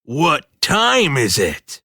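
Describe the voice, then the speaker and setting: An actor playing a rough, teasing teenage big brother with a raspy voice, drawing out his taunts slowly in a full-cast audiobook. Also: a little high, wildly swooping pitch, bright, forceful tone, no room sound, heavily acted. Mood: taunting. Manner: slow, drawn-out taunting. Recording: dry close studio sound.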